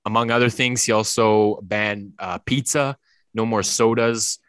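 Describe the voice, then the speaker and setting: A man's voice: fairly low pitch, fairly even intonation, measured pace, a bit bright, clear, resonant tone, dry recording. A man co-hosting a sports podcast, chatting in an upbeat, joking way with many fillers. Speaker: podcast co-host. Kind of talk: casual chat.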